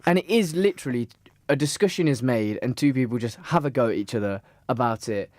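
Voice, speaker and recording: A man's voice: mid-range voice, lively intonation, fast, darkish tone, no room sound. A young man co-hosting a podcast, telling a long story in casual chat, full of fillers and restarts. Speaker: podcast co-host.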